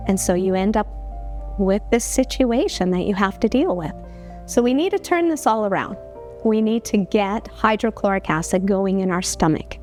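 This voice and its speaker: A woman's voice: medium pitch, moderate pace, darkish tone, faint music behind. A woman health educator explaining digestion as a talk-show guest, in an earnest, explanatory way with rhetorical questions. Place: television studio.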